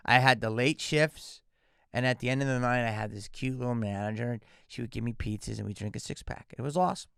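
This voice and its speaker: Man in his fifties, podcast guest; gravelly voice, acts out every quote he tells. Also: medium pitch, quick pace, dry recording, studio quality. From Philadelphia area, USA. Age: 50s. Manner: animated, acts out quoted dialogue. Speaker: guest actor. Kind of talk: casual podcast storytelling.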